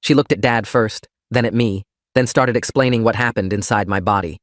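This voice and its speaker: Low-voiced male story narrator. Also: fairly quick, no room sound, studio quality. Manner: steady, plain reading. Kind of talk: first-person storytime narration.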